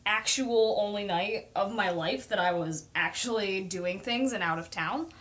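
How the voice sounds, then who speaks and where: A woman's voice: medium pitch, a little slow, a bit bright. A young woman chatting casually on a livestream while she paints, talking through her process, reading viewer comments aloud and poking fun at herself. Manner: chatty, self-deprecating, reads out viewer comments.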